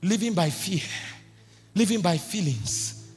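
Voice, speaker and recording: Man, preacher, fervent sermon, shouts and repeats phrases, long hall echo, soft music behind. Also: high-pitched, lively intonation, slow pace.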